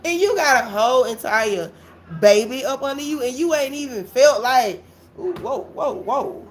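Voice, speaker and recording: A woman telling a story on her live stream, animated and blunt, swearing freely and talking straight to her viewers. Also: sits high, normal speed. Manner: animated, blunt and profane, addresses viewers as y'all. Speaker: livestreamer.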